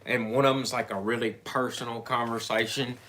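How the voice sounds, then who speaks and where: A man's voice: mid-range voice, level tone, a little fast, a bit bright, a little hiss or hum. A man chatting casually on a livestream, telling easygoing stories.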